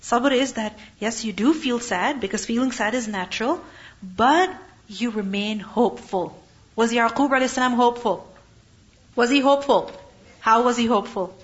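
A woman with a fairly high voice teaches a religious lesson, posing questions to her listeners and answering them. She recites verses slowly and carefully. The recording is dull and lo-fi. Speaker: Quran teacher.

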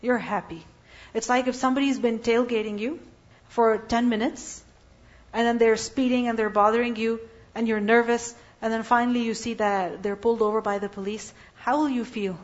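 A woman teaches a religious lesson in a fairly high voice. She keeps asking her listeners questions and then answers them herself. The recording sounds dull and lo-fi. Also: fairly even intonation, normal speed. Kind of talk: Islamic lecture.

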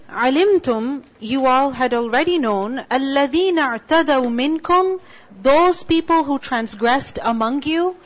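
A woman teacher giving a Quran class lecture, reciting Arabic and translating it, explaining patiently and asking the class questions, on a dull lo-fi recording. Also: high-pitched.

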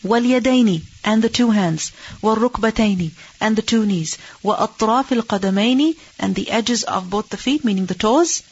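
A woman's voice: medium pitch, very fast, a little mellow, breathy edge, highs cut off. A woman teaching an Islamic hadith lesson, reading Arabic text and explaining it in English, asking and answering her own questions.

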